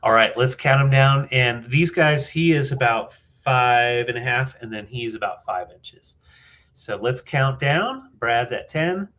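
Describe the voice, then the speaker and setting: A man's voice: mid-range voice, animated, a little slow, a bit bright. A man co-hosting a live vintage sale, counting down bids in an easygoing way. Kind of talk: live auction chat.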